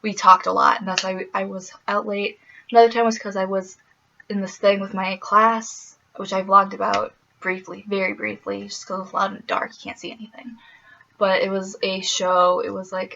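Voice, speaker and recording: A woman's voice: medium pitch, flat delivery, normal speed, gravelly, pushed and bright. Young adult woman from the Midwest, laughing vlogger chat, slightly muffled recording. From American Midwest. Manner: chatty, laughing, full of fillers. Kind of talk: casual vlog chat.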